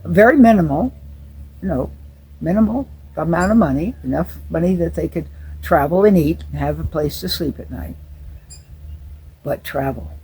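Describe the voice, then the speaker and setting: A woman's voice: low-pitched, lively intonation, normal speed, long pauses, mellow, slightly rough, rough recording. An older woman, a retired teacher, talks through her thoughts in an earnest, musing monologue and often stops to repeat a word. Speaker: retired special education teacher. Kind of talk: reflective monologue.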